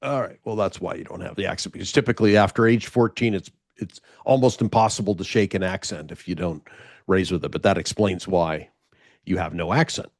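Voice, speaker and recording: A man's voice: low voice, brisk, vocal fry, dry recording, studio quality. A man hosting a podcast, asking casual interview questions, rambling and restarting his sentences along the way. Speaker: podcast host.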